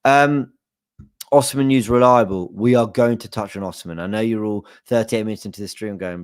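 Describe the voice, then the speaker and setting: Young man, low voice, dry close recording, casual rambling chat, lots of ums and hedges. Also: normal speed, clear, resonant tone, no echo. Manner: chatty, hedging, many fillers. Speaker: football fan channel host.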